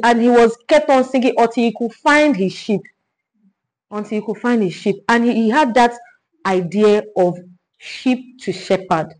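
A woman leading a Bible study, teaching in an animated way, repeating herself and asking rhetorical questions. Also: a little high, normal speed, rough recording.

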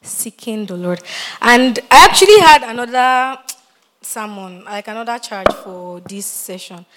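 A woman preaching with a somewhat high voice. She repeats her key phrases and swells from hushed prayer to loud, fervent exhortation. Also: animated, unhurried. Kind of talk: sermon.

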